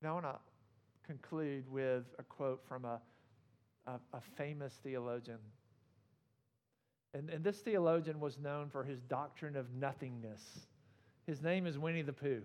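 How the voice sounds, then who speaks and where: A man preaching a sermon as pastor, earnest and conversational with gentle humor. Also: medium pitch, a little slow.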